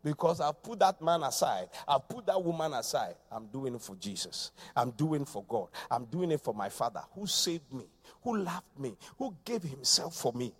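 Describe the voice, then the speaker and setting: A man from Ghana preaching a sermon, repeating phrases and swinging between shouts and quiet, low lines. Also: big pitch swings, normal speed, hardly any pauses, breathy edge. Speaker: pastor.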